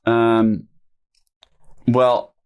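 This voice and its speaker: A man's voice: mid-range voice, completely flat delivery, extremely slow, clean tone, lo-fi sound. A young man, a company founder, telling his story candidly in a podcast interview, filling his talk with "like" and "um". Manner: informal, many fillers like "like" and "um", emotional retelling. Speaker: founder guest.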